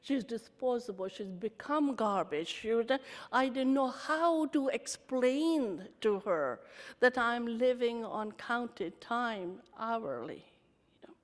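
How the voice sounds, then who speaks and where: A middle-aged woman giving a candid, animated storytelling talk at a conference. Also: a little high, takes it slowly. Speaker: conference speaker. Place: conference hall. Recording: reverberant hall.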